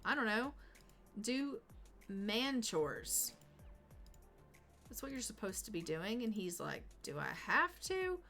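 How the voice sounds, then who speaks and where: Bright-voiced, sarcastic woman streamer. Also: mid-range voice, lively intonation, slow, pauses often, faint music behind. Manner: chatty, sarcastic. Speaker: game streamer. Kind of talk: casual gameplay commentary.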